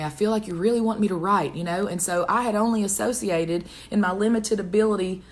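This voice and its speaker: A woman speaking as a devotional speaker, telling a personal testimony in an earnest, conversational way and closing with a prayer. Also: on the low side. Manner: earnest, conversational storytelling with wide swings in pace.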